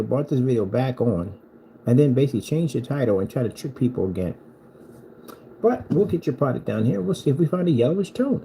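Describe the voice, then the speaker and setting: A man's voice: mid-range voice, gravelly, mellow, slight background noise, poor audio. A man who sells screen paint, delivering a heated, mocking reaction rant at a rival. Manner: mocking, combative.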